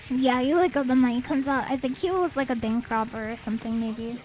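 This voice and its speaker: High-voiced, playful woman streamer. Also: steady tone, a little fast, darkish tone, poor audio. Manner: rambling, playful. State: a little sniffly. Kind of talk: casual game stream chat. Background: faint game music.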